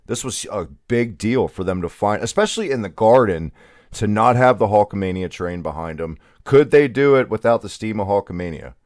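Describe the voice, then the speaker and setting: Wry low-voiced man, dry close sound. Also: lively intonation, a little fast, darkish tone, dry recording. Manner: opinionated, wry storyteller. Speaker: podcast guest. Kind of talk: casual chat.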